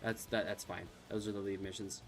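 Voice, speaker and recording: A man's voice: sits low, level tone, a little fast, over music. A man streaming a game, chatting casually and thinking aloud as he plays. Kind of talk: casual gameplay commentary.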